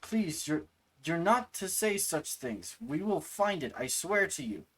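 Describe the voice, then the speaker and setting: A man's voice: on the high side, very animated, unhurried, fairly bright tone, slightly rough, pitched above the performer's own voice, exaggerated voice, poor audio. A man voicing a fussy, devoted court retainer in a game, speaking in a fretful, overly formal way. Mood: fretting.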